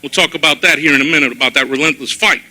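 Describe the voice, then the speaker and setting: A man giving a personal testimony sermon at a church service, telling his story in an animated way and acting out his own past words. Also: fairly high pitch, very fast, low-quality recording.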